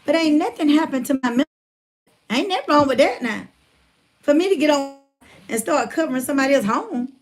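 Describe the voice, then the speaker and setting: A motivational speaker telling a personal story in a casual, folksy way, retelling conversations and calling listeners by name, still getting over a chest cold. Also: female voice, high voice, lively intonation, fairly quick, pauses often. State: recovering from chest cold, congested breathing. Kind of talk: casual testimony talk.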